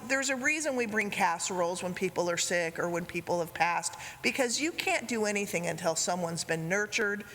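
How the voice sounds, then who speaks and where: A woman preaching a sermon, retelling a story in a gentle way, with quoted lines spoken softly. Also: lowish voice, animated, a little fast, few pauses. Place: church sanctuary. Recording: reverberant church hall.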